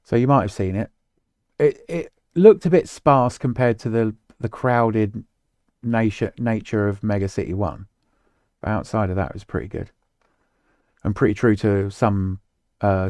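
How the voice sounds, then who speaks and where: A man's voice: fairly low pitch, normal speed, a little mellow, no echo, clean studio sound. A man co-hosting a casual podcast chat, rambling, swearing casually and trailing off mid-sentence. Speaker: podcast co-host.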